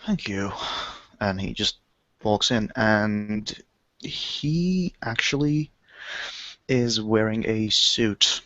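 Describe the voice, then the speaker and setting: A man narrates his character's actions in a tabletop game at a slow, unhurried pace. His voice is lowish and dry. It is muffled, as over an online voice chat. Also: fairly bright tone, no room sound. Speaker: player.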